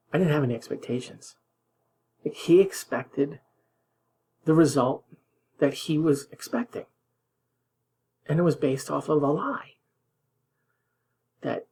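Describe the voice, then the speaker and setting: A man's voice: mid-range voice, darkish tone, husky, rough recording. Indignant man ranting over clips. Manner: indignant, sarcastic, drops to a whisper for emphasis. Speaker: political commentary host. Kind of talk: reacting to news clips.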